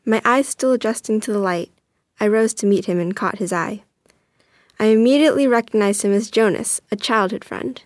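Give me a young woman reading a first-person story in a steady, earnest way, medium pitched. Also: moderate pace, no room sound. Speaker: narrator.

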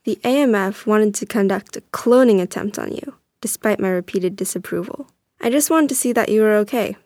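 A woman's voice: medium pitch, fairly quick, darkish tone, dry recording, studio quality, natural voice. A woman voicing a young male childhood friend in a story she reads, easygoing and reassuring. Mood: concerned. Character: young man, childhood friend, caring guard.

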